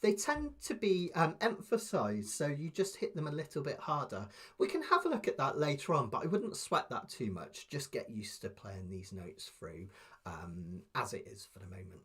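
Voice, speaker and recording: A man teaching a live online ukulele lesson, patiently explaining step by step and counting beats aloud softly. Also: medium pitch, sing-song, moderate pace, slightly rough.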